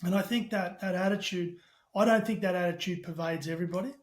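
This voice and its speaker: A middle-aged man with an Australian accent and a notably high-pitched voice. He talks quickly and animatedly, launching into stories with casual swearing in a relaxed podcast conversation. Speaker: podcast guest, tech company CEO.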